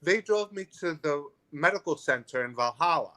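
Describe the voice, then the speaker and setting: A man in his thirties, a guest in a restaurant, telling a personal story in an animated, candid way and acting out other people's voices. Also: a little high, moderate pace. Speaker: guest author.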